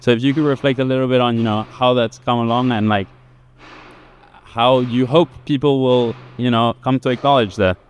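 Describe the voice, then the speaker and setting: Male panelist, smooth voice, loose and rambling with lots of fillers. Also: medium pitch, steady tone, moderate pace. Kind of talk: panel talk.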